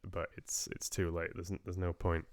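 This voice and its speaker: A man's voice: low-pitched, level tone, moderate pace, darkish tone, dry recording, studio quality. A male audiobook narrator hosting a live stream, chatting casually with viewers in a rambling, hesitant way and often restarting his sentences.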